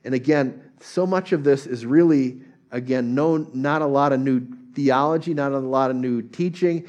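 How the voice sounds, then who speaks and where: A middle-aged male pastor delivering a sermon. His voice sits at an ordinary middle pitch, and his delivery is earnest. He often lets it fall quiet and gentle. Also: moderate pace. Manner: earnest, drops to soft gentle tones when voicing God.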